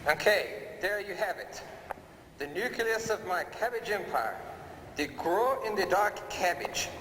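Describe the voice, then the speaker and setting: A man's voice: high voice, animated, unhurried, sharp tone, exaggerated voice. A man playing an eccentric cabbage tycoon who puts on a fake German accent and talks in a pompous, self-important way, in an amateur 1970s mockumentary. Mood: grandiose. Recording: distant, noisy 1970s field recording.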